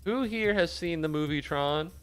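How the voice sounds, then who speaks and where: A man streaming a game and chatting with viewers in a casual, deadpan, mock-serious way, with some swearing. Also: on the high side, moderate pace, faint music behind. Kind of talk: casual gameplay chat with viewers.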